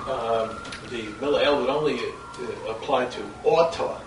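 A man's voice: medium pitch, unhurried. A man in a class, breaking in with short corrections. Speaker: student. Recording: distant, roomy, with background noise.

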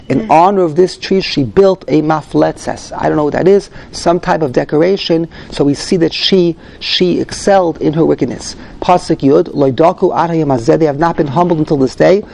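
A Torah class teacher with a gravelly, somewhat high voice leads a text study session. He reads Hebrew phrases aloud, then translates and explains them, thinking out loud openly as he works through them.

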